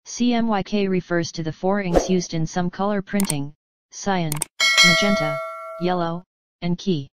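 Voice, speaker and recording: A woman reading an academic paper aloud in an even, flat delivery, spelling out acronyms letter by letter. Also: on the low side, unhurried, very noisy. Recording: dull, slightly lo-fi dry recording.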